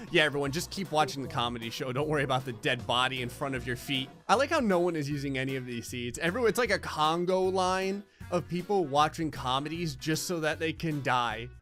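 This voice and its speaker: A young man narrates gameplay in a fairly high voice, full of profane, sarcastic jokes and gleeful mock cruelty. Faint background music plays beneath him. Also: a bit bright. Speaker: gaming commentator. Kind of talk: comedic gameplay commentary.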